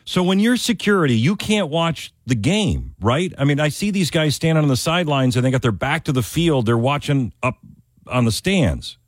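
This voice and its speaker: A man's voice: a little high, expressive, normal speed, no room sound, clean studio sound. A man hosting a call-in radio talk show, chatting in a friendly way with callers. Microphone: studio microphone.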